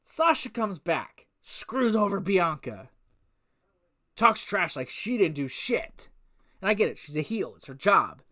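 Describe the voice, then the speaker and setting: A woman's voice: on the low side, sing-song, measured pace, a bit bright. A woman giving a casual review of a wrestling show, ranting with exasperated rhetorical questions and frequent swearing. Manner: repetitive restarts and rhetorical questions.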